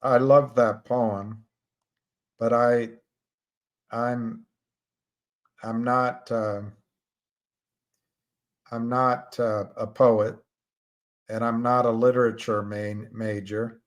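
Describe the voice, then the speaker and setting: A man talks alone on a livestream, thinking out loud as he goes. His delivery is slow and unhurried, full of pauses, restarts and fillers. His voice sits at an ordinary middle pitch. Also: flat delivery. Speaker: livestream host. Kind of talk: casual livestream commentary.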